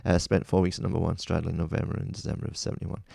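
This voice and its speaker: A man's voice: sits low, level tone, very fast, vocal fry, dark tone, no room sound, clean studio sound. A man chatting casually about music, rambling and correcting himself as he goes. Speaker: music playlist host.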